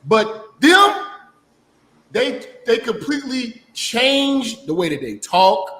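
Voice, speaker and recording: A man speaking as a panelist on a livestream, slow, deliberate and profane. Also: extremely high pitch, sing-song, bright, forceful tone. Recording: echoey room.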